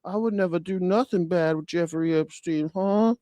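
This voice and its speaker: A man's voice: sits high, normal speed, warm tone, no room sound, voice pushed up, lightly acted. A man putting on the voice of a whiny, helpless old man who pleads his innocence.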